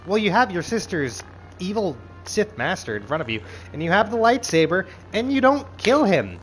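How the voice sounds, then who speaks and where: A show reviewer gives a casual, profane recap, ranting with exasperated energy and acting out quoted lines in animated asides. His voice is high at normal speed, on a low-quality recording with a little hiss or hum.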